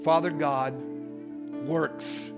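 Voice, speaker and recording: A man's voice: on the high side, flat delivery, drawn-out words, music in the background. A man preaching a sermon as pastor in a church, emphatic, calling out to his congregation. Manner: emphatic call-and-response preaching. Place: church sanctuary.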